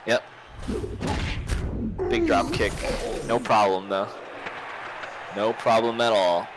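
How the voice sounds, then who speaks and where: A man's voice: fairly low pitch, fairly even intonation, slow, crowd noise, background noise. A man giving casual play-by-play commentary on a tabletop game stream, laid-back and cautious, often chuckling.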